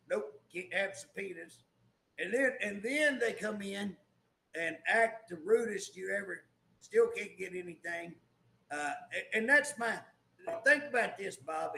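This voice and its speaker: A man's voice: high-pitched, gravelly, fairly bright tone, reverberant. A man, co-hosting a political talk show, ranting emphatically and repeating himself. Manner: emphatic, repeats "guess what", restarts. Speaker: co-host, former state legislator.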